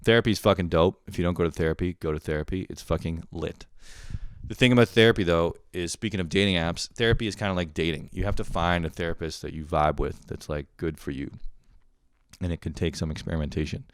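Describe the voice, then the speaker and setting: A man's voice: sits low, fast, dry recording, clean studio sound. A young man from Canada hosting a podcast, telling stories in a rambling, profane, casual monologue and laughing often. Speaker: podcast host.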